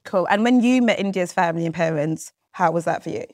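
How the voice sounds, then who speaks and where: A woman hosting a casual interview. She chats easily, laughs often and jumps up in pitch when excited. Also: fast talker, no room sound, studio quality. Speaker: podcast host interviewing a couple.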